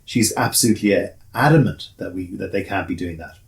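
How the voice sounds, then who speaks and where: A man's voice: low voice, lively intonation, quick pace. An older Irish man talking in a casual chat as a guest, rambling with restarts and repeated words. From Ireland.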